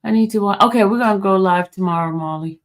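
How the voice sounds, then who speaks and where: A woman's voice: mid-range voice, quick pace. A woman hosting a casual livestream, chatty and teasing as she talks straight to her chat and reads their comments. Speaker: livestream host.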